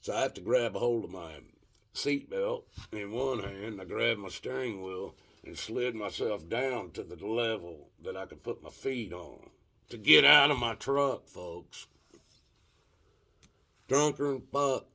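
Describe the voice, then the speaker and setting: Gravelly deep-voiced man telling a story. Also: expressive, sharp tone. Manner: profane, colloquial, drawn-out dramatic retelling. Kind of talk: casual spoken storytelling.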